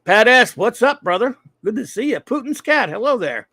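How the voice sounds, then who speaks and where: A man hosts his livestream with loud, energetic shout-outs. His voice sits a little high and has a gravelly edge. The sound is dry and close. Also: brisk, hardly any pauses, no echo. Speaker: livestream host. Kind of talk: casual livestream chat.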